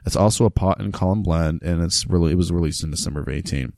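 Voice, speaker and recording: A man co-hosting a casual podcast chat over drinks, jokey and animated, slipping into mock announcer readings. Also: low-pitched, quick pace, no echo, clean studio sound. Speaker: podcast host.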